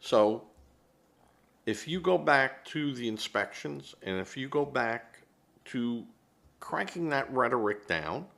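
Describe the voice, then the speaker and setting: A man's voice: medium pitch, animated, slow pace, creaky, a bit bright. A man giving opinionated political commentary as host, rambling and hesitant, often correcting himself.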